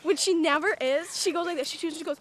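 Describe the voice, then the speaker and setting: A young woman with a high, bright-pitched voice tells a story into her phone outdoors. She talks in a breathless, giggly, chatty rush, with a faint hiss of noise behind her. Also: quick pace. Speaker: vlogger. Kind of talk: excited casual storytelling. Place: outdoors by a cemetery. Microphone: phone camera.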